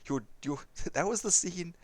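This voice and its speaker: A man's voice: high voice, unhurried, darkish tone, no room sound. A man chatting casually while gaming, a rambling storyteller who chuckles often, with a non-American English accent. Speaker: gaming streamer.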